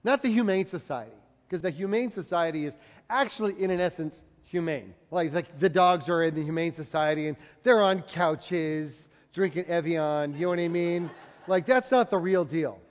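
Man, sermon, conversational preaching, loud-to-hushed swings, long hall reverb. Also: fairly high pitch, normal speed. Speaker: pastor.

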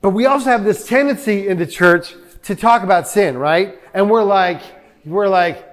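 Guy with a fairly high voice preaching to his church, chatty, talks right to the congregation. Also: animated, normal speed. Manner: conversational preaching with asides to the congregation. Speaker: pastor. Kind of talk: sermon.

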